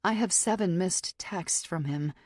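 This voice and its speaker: Low-voiced woman narrating an audiobook. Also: no echo, studio quality. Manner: measured, tense inner monologue. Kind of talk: scripted first-person narration.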